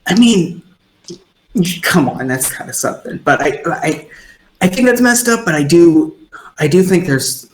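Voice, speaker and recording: A man voicing a paranoid tavern patron who whispers conspiracy theories in a hushed, secretive way. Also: on the high side, sing-song, a little slow. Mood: conspiratorial. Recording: roomy echo.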